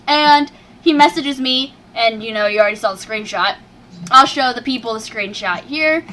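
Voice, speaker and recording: A woman's voice: on the high side, normal speed, sharp tone. A woman co-hosting a casual chat, talking in a hyper, giggly way. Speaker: co-host.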